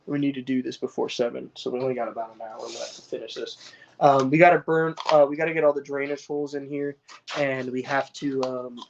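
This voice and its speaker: A man's voice: medium pitch, steady tone, brisk, gravelly, muffled recording, slight background noise. A man chatting casually on a live stream, rambling and swearing, full of slang and restarts. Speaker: cannabis grower streaming to viewers. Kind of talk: casual livestream chat.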